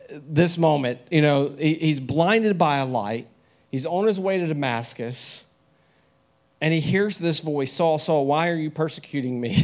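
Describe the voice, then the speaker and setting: A young man preaching a sermon in a conversational way, often asking the listeners questions. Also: fairly high pitch.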